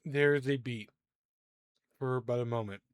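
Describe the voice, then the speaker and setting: A man narrating a tabletop game as game master, halting with many fillers and quick to laugh. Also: medium pitch, fairly even intonation, clean tone, dry recording, studio quality.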